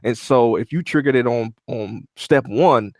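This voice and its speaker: A man co-hosting a podcast, explaining music software in a slangy, casual way with lots of restarts. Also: medium pitch, unhurried, no room sound. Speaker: podcast co-host, producer. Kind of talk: casual chat about music production gear.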